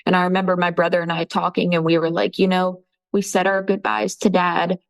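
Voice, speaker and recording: A woman candidly recounting a painful personal story in an interview, halting with fillers. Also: lowish voice, level tone, poor audio. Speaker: interviewee telling her story.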